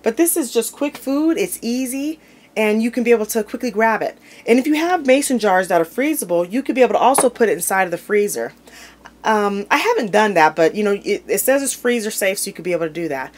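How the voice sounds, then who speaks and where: A woman's voice: mid-range voice, lively intonation, a little fast. A woman hosting a home cooking video, talking casually and informally while she opens jars and plates food in her kitchen. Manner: chatty and informal, talks while handling food.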